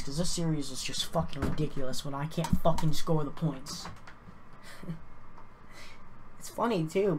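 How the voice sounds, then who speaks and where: A woman's voice: low-pitched, a little hiss or hum. A tired woman streaming a racing game, swearing as she struggles with a scoring program and sorts standings. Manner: frustrated, profane, muttering then shouting. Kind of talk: live stream commentary.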